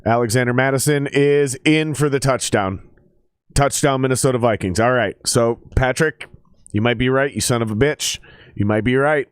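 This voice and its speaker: A man chatting casually on a live stream while watching football, loose and profane, jumping into excited play-by-play. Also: medium pitch, normal speed, clear, resonant tone, no echo, clean studio sound. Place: table at home.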